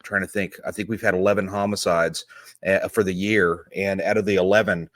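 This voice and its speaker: A man's voice: deep voice, level tone, fairly quick, fairly bright tone, dry recording. A middle-aged man hosting a live stream, chatting in a rambling, friendly way and greeting viewers by name. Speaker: host; homicide detective. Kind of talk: casual live-stream chat.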